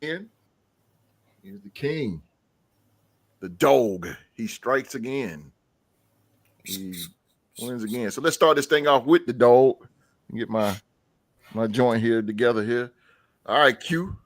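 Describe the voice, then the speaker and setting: A man hosting a casual sports podcast, animated and slangy, often breaking into laughter. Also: medium pitch, unhurried, pauses often, no room sound. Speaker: podcast host.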